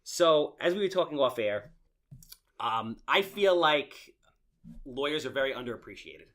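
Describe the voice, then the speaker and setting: A man's voice: mid-range voice, animated, moderate pace, a bit bright. A man with a nasal voice, hosting a podcast in brash, joking chat. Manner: brash, joking salesman patter. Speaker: podcast host. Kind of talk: casual interview chat.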